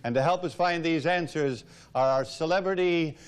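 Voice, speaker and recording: A man hosting a game show, jovial and quick with jokes, in a 1970s TV studio with an audience. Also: on the high side, clear, resonant tone.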